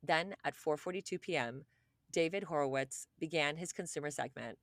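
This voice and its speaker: A young adult woman co-hosting a podcast, recounting a true story in casual chat, animated and profane, peppered with "like" and acting out quoted people. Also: low-pitched, moderate pace, no echo, studio quality. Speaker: podcast co-host.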